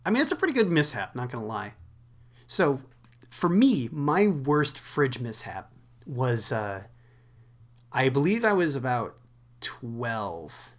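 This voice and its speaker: A man's voice: mid-range voice, big pitch swings, slow pace, pauses often. A young man co-hosting a podcast, telling a rambling, profane story with plenty of filler words and laughs in a casual chat. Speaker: podcast co-host.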